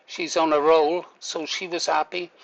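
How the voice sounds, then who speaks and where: A man's voice: fairly high pitch, level tone, unhurried, creaky, muffled recording. An older man, a vlogger, telling a story in a chatty way, laughing through it and swearing now and then. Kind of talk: casual storytelling to camera.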